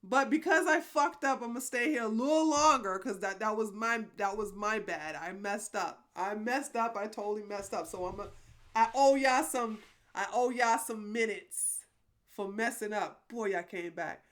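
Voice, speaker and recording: A woman's voice: medium pitch, moderate pace, a bit bright. A woman hosting a live stream, chatting casually with her viewers, rambling and apologetic, laughing often. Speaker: livestream host.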